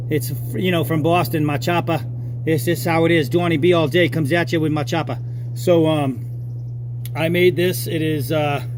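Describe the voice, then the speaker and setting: A man from Massachusetts, a knifemaker, casually showing off and explaining a knife he made, with relaxed chatter and frequent fillers. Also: a little high, background noise. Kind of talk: casual show-and-tell vlog.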